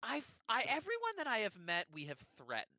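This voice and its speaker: Animated player with a lively voice. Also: mid-range voice, a little fast, no room sound. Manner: animated, hesitant, self-interrupting. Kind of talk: tabletop game play.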